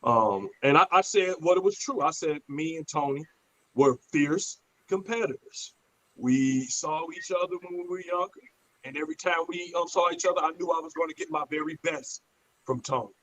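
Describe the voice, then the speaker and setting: A man's voice: fairly high pitch, normal speed, slight background noise, poor audio. A man, telling stories bluntly and profanely in a casual podcast chat. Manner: blunt, profane, animated storyteller.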